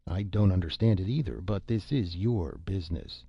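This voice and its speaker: A man's voice: deep voice, lively intonation, normal speed, creaky, slightly rough, no echo, exaggerated voice. A man voicing a blunt, matter-of-fact male university president in an audiobook. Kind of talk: scripted audiobook narration. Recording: dull lo-fi recording.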